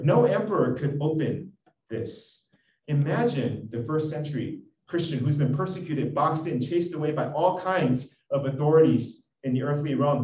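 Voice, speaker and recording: A man preaching an expository sermon, reading scripture with animated emphasis. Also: on the high side. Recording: echoey, dull audio from a distance.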